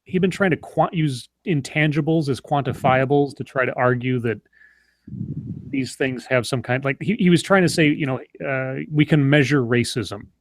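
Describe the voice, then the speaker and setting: A man hosting a casual online chat show, talking haltingly with many fillers and restarts. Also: mid-range voice, dry recording. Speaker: channel host.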